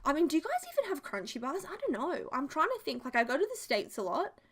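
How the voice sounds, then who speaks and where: She talks fast in a high voice with huge swings in pitch. The speaker is an Australian YouTuber in her twenties, giggling and rambling through stories in a casual, chatty voiceover.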